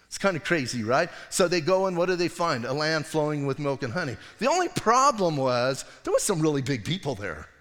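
A man's voice: on the high side, big pitch swings, a little fast, a bit bright. Casual preaching man in a reverberant hall. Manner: casual conversational preaching, acts out voices in stories. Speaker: pastor. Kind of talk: sermon.

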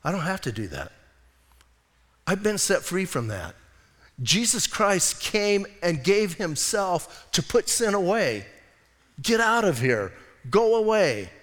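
A male pastor preaching an animated, conversational sermon and acting out bits of dialogue. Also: high voice, in a large hall.

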